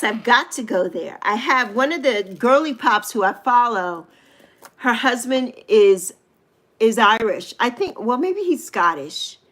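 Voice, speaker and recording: A middle-aged woman from the United States chats with viewers on a live stream, with a bright, fairly high voice. She laughs often and swears freely. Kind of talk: casual live chat with viewers.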